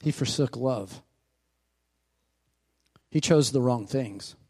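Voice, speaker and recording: A pastor preaching a sermon in a church who calls out for amens and asks the congregation questions. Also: male voice, medium pitch, slow pace, darkish tone, breathy edge. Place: church sanctuary.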